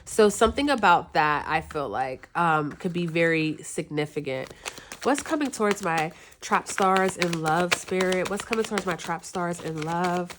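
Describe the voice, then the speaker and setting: A woman's voice: lowish voice, animated, normal speed, a bit bright, slight background noise. A woman from the northern US East Coast giving a chatty, loose tarot reading to her viewers, full of fillers and asides. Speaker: tarot reader.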